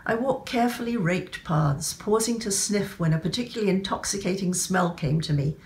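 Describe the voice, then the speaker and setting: A woman novelist reading from her own book in a gentle, measured storytelling manner, then giving writing tips. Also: lowish voice, a little hiss or hum.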